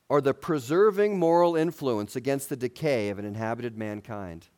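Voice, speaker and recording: A male preacher talks through his sermon in a relaxed, conversational way. He often asks the congregation questions and adds light humor. His voice sits at an ordinary middle pitch. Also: normal speed, few pauses.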